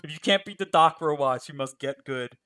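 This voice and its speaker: A male streamer chats while he plays, his voice bright and a touch higher than most men's. He rambles from joke to joke and swears freely. Faint game music plays underneath. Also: fairly quick, clear, resonant tone. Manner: profane, joking, rambling banter. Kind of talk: casual chat while playing a game live.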